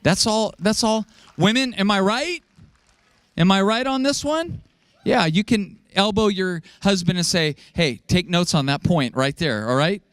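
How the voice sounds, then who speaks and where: Man, pastor, sermon, animated and joking, fairly high voice, dry close sound. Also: unhurried, smooth, no echo. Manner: animated, joking, acts out quotes in raised voice.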